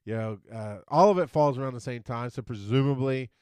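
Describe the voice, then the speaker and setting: A man's voice: mid-range voice, brisk, clear, resonant tone, dry recording, clean studio sound. Rambling male podcast co-host. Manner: rambling, stumbles over words, animated when amused. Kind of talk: casual chat.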